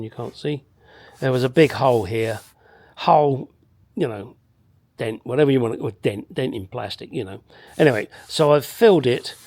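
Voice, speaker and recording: Blunt, swearing man in a workshop. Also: mid-range voice. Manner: blunt, swears freely, candid; hesitant fillers while explaining work. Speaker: car restoration vlogger. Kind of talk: casual workshop vlog.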